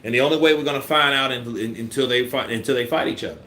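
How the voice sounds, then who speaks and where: A man's voice: medium pitch, fast talker, echoey room, slight background noise. A man giving casual, profane boxing commentary on a live stream, acting out punch combinations. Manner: animated, profane, acts out punch sequences.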